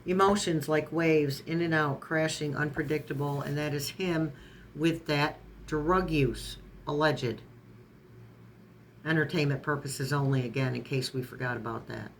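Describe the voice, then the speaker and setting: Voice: medium pitch, steady tone, a little slow, slight background noise. Sarcastic tarot reader listing card keywords. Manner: lists card keywords in a string, then adds sarcastic asides; stumbles and corrects words mid-phrase. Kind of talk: casual pendulum and tarot reading.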